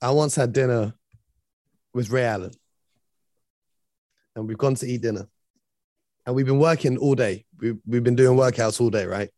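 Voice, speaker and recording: A man hosting a casual chat, relaxed and quick to laugh as he tells a story. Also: medium pitch, no echo, studio quality. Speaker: host.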